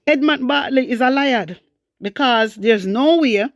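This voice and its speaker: Jamaican woman, vlogger rant, high-ish, animated and scornful, dry sound. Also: unhurried, dry recording. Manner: animated, scornful, mixing patois and English. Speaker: commentary vlogger. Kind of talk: political commentary rant.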